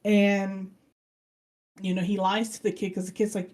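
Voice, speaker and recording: A woman co-hosting a relaxed online chat show, her voice dark and mellow at a middling pitch. She retells stories with energy and jumps into quick impressions of the characters as she goes. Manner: animated storyteller who acts out characters' lines. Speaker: podcast co-host. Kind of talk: casual chat, retelling an anime plot.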